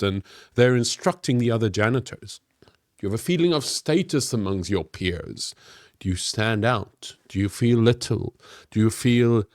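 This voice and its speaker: A man's voice: mid-range voice, a little mellow, no echo. Guy coaching an improv exercise, encouraging, dry close sound. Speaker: game master and improv teacher. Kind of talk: instructional video.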